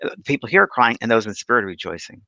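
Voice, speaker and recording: A man in his sixties tells spiritual stories animatedly, often restarting his sentences. His voice is bright and gravelly and swings widely in pitch, recorded close and dry. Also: rapid-fire, no echo, rough recording. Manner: animated storyteller, acts out voices, frequent restarts. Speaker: spiritual medium, co-host. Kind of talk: casual podcast storytelling.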